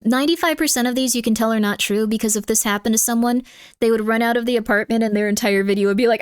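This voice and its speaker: Brief: female streamer, high voice, animated rambling reactions, dry close mic. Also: fast talker, clean tone, no echo. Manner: animated, rambling, laughing commentary. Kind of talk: casual reaction chat.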